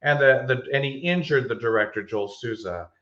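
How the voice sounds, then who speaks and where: A man co-hosting a podcast in casual chat, telling stories with animated emphasis and frequent restarts. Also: medium pitch, normal speed. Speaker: podcast co-host. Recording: echoey room, dull lo-fi sound.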